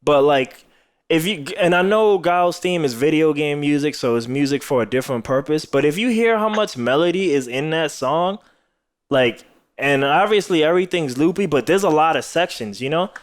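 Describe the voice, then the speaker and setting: A man's voice: a little high, expressive, normal speed. A tired man hosting a podcast, talking casually with lots of fillers and frequent laughter. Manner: laughs often, rambling with many fillers. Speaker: podcast host. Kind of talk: casual chat.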